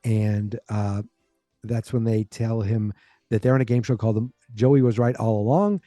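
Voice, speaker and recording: A man hosting a podcast, casually recapping a sitcom episode in a rambling way and jumping into a higher voice to quote the characters. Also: moderate pace, warm tone, dry recording, faint music behind. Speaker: podcast host.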